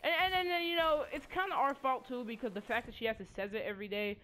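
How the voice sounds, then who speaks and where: A woman's voice: on the high side, fairly even intonation, fast talker, a bit bright. A teenage girl telling a rambling, stammering story full of profanity, casually, while playing a game. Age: teens. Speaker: student vlogger.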